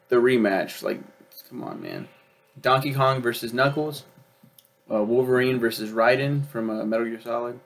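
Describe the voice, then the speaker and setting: A young man talks his way through a video review in a loose, rambling way, full of ums and swearing. His voice is gravelly and sits at a middling pitch. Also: lively intonation, a little fast. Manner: rambling, profane, with many ums and uhs. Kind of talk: casual chat.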